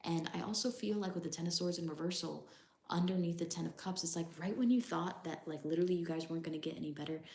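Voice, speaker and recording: A woman's voice: fairly low pitch, fast, darkish tone. A woman giving a casual tarot reading, hedging often and reading number meanings aloud from her tablet. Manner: hedging, repeats "I don't know" and "I'm getting that vibe"; reads definitions aloud from a tablet. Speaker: tarot reader.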